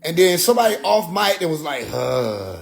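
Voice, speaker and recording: A young man with a high-pitched, creaky voice talks quickly as he casually tells a story on the podcast he hosts. He's animated and profane, occasionally putting on other people's voices.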